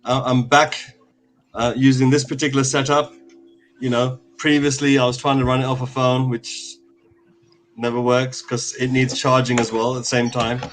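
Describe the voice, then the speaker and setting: Guy running a fan call-in show, mid pitched, easygoing, lots of ums. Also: normal speed. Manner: relaxed, rambling, with many fillers. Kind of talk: casual show hosting.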